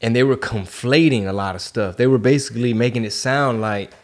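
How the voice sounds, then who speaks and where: A man hosting a podcast, talking casually in slang and getting animated when he tells stories. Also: medium pitch, fairly quick. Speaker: podcast host.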